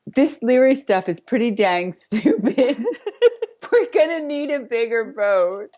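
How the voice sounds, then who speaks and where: A woman's voice: fairly high pitch, lively intonation, slow, warm tone. A woman co-hosting a casual chat, joking and teasing with frequent laughs. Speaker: podcast co-host.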